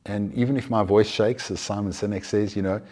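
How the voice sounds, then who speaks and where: A man giving an earnest, conversational talk on mindfulness, animated and often restarting his sentences. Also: fairly low pitch, a little fast. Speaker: mindfulness speaker.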